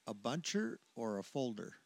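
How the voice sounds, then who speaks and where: A man's voice: mid-range voice, animated, normal speed. A man guesting on a casual podcast, laid-back and blunt. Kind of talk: casual chat.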